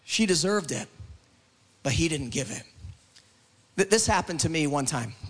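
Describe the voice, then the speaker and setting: A man with a notably high voice preaching a sermon to a church congregation. His delivery is passionate and rhythmic, building through repeated phrases. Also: expressive, normal speed, fairly bright tone. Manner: passionate, repetitive preaching cadence. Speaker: pastor. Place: church service.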